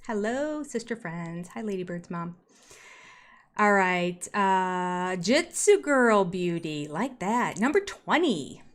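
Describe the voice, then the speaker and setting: An older woman in her sixties hosting a relaxed live stream from home, reading out viewers' comments one by one. She talks in a chatty, easygoing way, with small laughs between comments, and her voice sits at an average pitch for a woman. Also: takes it slowly. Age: 60s. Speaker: YouTube host reading live chat. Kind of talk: casual live-stream chat.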